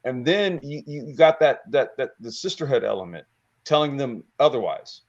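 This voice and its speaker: Male panel guest, lively swooping delivery, dull lo-fi sound, swears a lot. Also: medium pitch, moderate pace. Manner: animated, profane, repeats himself. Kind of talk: casual panel chat. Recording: lo-fi remote audio.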